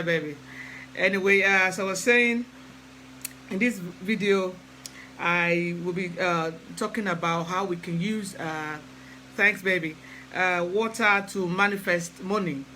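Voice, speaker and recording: High-voiced chatty man on a live stream. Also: a little slow, bright, forceful tone, slight background noise, poor audio. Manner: chatty, hesitant, greets viewers by name. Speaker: spiritual practitioner hosting a live stream. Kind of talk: casual live-stream talk. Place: lives in England.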